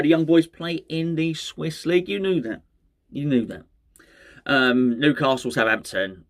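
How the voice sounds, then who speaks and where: A man hosts a fan channel, chatting casually on his own about football transfer rumours. His mid-range voice is a bit bright, and he rambles with self-mocking asides and plenty of restarts.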